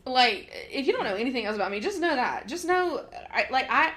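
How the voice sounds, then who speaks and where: A woman's voice: sits high, big pitch swings, fairly quick, a bit bright. A woman co-hosting a casual podcast chat, talking loosely with lots of "like" and frequent laughter. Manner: chatty, laughs often, lots of "like". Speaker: podcast co-host.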